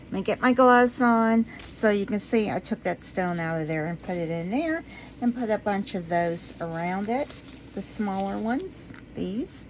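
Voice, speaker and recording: A woman chatting casually to her viewers as she works on a craft project. She talks to herself while she works and drifts into low, quiet talk when she concentrates. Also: expressive, unhurried, slight background noise. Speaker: resin craft vlogger.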